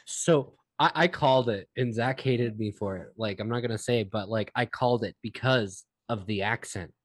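A man's voice: fairly low pitch, normal speed, no room sound. A man co-hosting a casual podcast, making chatty observations. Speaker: podcast co-host. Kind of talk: casual chat.

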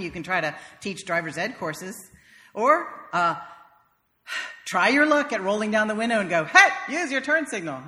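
A woman's voice: lowish voice, a bit bright, in a large hall. A woman minister from the South, preaching a sermon in a wry, conversational storytelling manner. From American South.

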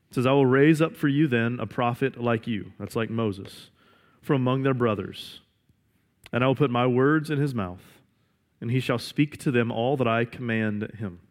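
Male pastor, sermon, reads scripture then explains it, rhetorical questions. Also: medium pitch.

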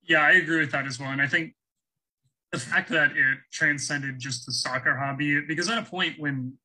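A man with a very bright, edgy tone and a husky grain speaks as a podcast guest. He explains his views fluently in a relaxed conversational way. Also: a little high, moderate pace, rough recording. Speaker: guest collector. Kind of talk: casual podcast interview.

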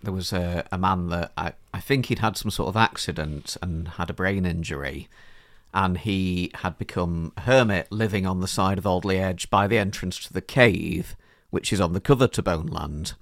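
A man co-hosting a casual book discussion, who speaks in a thoughtful, measured way. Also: sits low, a bit bright, no echo, clean studio sound. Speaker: podcast co-host.

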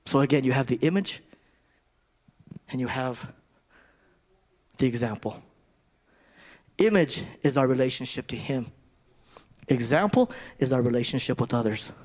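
Speaking in a mid-range voice, this preacher is animated but keeps a measured pace, pausing often. His sermon is conversational, full of repeated phrases and restarts.

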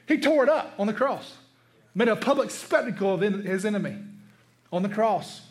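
A man's voice: high-pitched, moderate pace. A man preaching a sermon as pastor, emphatic and conversational, asking the congregation rhetorical questions. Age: adult, father of a young son.

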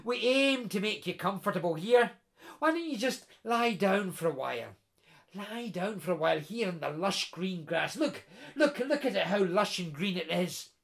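A man's voice: high-pitched, animated, normal speed, creaky, heavily acted. Sly goblin king, coaxing, cackling; a man voices him. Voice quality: coaxing, then loud cackling laughter. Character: sly cunning male goblin king, wheedling then gloating.

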